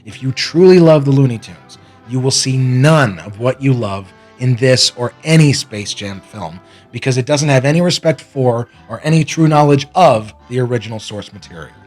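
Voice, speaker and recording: A man's voice: mid-range voice, expressive, normal speed, hardly any pauses, darkish tone, soft background music. A man hosting his own cartoon review show, delivering an opinionated monologue with sarcastic rants and self-mocking asides. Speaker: cartoon critic and host.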